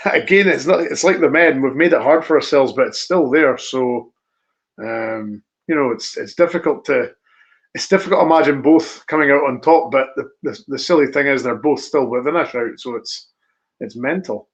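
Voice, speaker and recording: A man's voice: medium pitch, normal speed. A man co-hosting a casual football podcast, talking in a rambling, hesitant way with frequent laughs. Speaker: podcast co-host. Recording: dull lo-fi audio.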